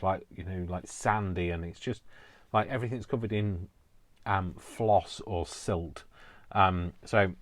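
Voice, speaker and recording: A middle-aged man chatting casually to camera in a deep, low voice. He rambles and wanders off topic, fills gaps with ums, and pokes fun at himself as he goes. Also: dry recording. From England. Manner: rambling, self-mocking, chatty, many fillers. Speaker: crafting vlogger.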